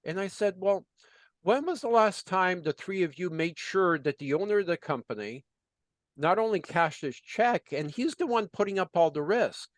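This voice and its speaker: A man's voice: sits high, lively intonation, moderate pace, no room sound. A man working as a business consultant, telling a story in conversation and acting out the dialogue with lots of "you know" fillers.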